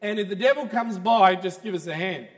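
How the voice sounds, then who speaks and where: Aussie bloke doing a panicked homeowner yelling for help, really high pitched, big hall echo. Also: male voice, steady tone, a little slow. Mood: relieved. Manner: shouting and wailing in panic. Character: terrified homeowner, frantic and pleading.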